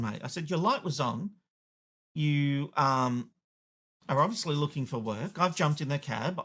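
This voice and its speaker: This TV host, a middle-aged Australian man, speaks a little high with a sharp edge. Between blunt opinions in his rant, he recounts a story and performs the characters' lines himself.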